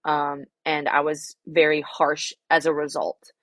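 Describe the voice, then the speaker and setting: Young woman singer talking candid in an interview, lowish voice, dry close sound, swears a bit. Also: little pitch movement, measured pace, a bit bright, no room sound. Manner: reflective, frank, swears freely, many fillers. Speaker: singer-songwriter guest.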